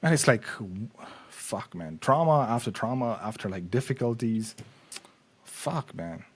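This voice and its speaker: A man's voice: medium pitch, expressive, a little slow, breathy edge. A man telling his own story in a casual podcast conversation, subdued, swearing often and trailing off. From Kenya.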